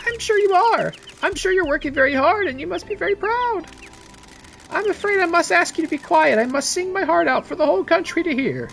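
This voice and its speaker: A woman's voice: very high voice, animated, a little fast, gravelly, fairly bright tone, faint music behind, pitched above the performer's own voice, full character voice. A woman voicing a small, haughty female bird mascot who sings and puts on airs in a pompous, theatrical way. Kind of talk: let's play dialogue read-aloud.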